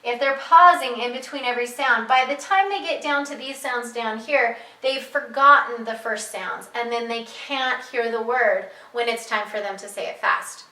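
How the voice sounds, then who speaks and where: Bright-voiced woman teaching parents, echoey room. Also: a little high, normal speed, hardly any pauses, distant mic. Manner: patient, repeats key points, stretches out sounds to demonstrate. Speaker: reading teacher. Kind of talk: instructional talk to parents.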